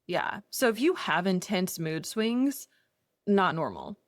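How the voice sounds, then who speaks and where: Speaking slowly in a mid-range voice, a woman in her thirties co-hosts a podcast, captured in a dry, clean studio recording. She relates frank personal anecdotes in relaxed conversation, animated and self-deprecating.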